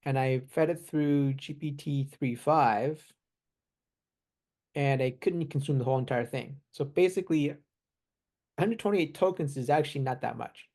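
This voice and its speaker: Man, mellow tone, relaxed explainer, casual chat, small laughs. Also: a little high, normal speed. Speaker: AI expert guest.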